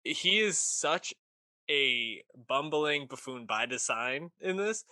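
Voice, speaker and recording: A man's voice: a little high, lively intonation, takes it slowly, sharp tone, no room sound. A man co-hosting a podcast, talking about a film with enthusiasm and casual swearing. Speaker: podcast co-host. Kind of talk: casual film review chat.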